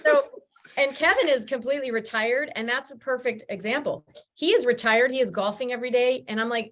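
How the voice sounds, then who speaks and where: A woman guest in a conversational interview, telling lively stories and acting out what people said to her. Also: a little high, brisk. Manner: animated storyteller, acts out quoted dialogue. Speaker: guest, realtor and team leader.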